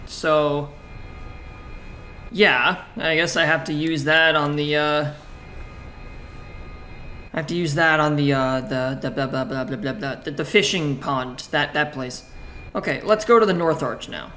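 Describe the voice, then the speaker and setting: Bright-voiced casual gaming streamer. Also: male voice, a little high, unhurried, long pauses, a little hiss or hum. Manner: casual, swears, jokey self-talk; reads game text aloud in a flat voice. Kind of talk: let's play commentary, reading game text aloud.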